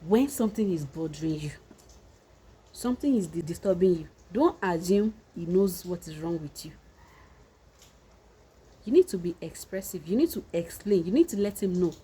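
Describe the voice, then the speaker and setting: A woman's voice: lowish voice, lively intonation, normal speed, long pauses, warm tone, breathy edge, rough recording. A woman with a Nigerian Yoruba accent, giving earnest, repetitive marriage advice in a casual monologue.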